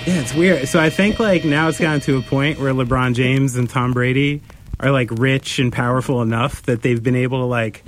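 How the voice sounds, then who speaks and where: A man from New Jersey hosting a podcast in casual, excitable chat, loose and full of fillers. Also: medium pitch, moderate pace, over loud music. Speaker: podcast host.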